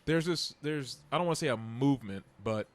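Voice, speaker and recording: A man's voice: mid-range voice, lively intonation, brisk. Rambling man in casual podcast chat. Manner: rambling, restarts often, loose slang. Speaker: podcast co-host.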